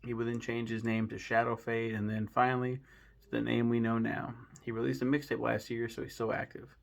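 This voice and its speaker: A man's voice: medium pitch, little pitch movement, brisk, vocal fry. A young man giving blunt, profane, mocking commentary on rappers in a casual chat. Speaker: channel host.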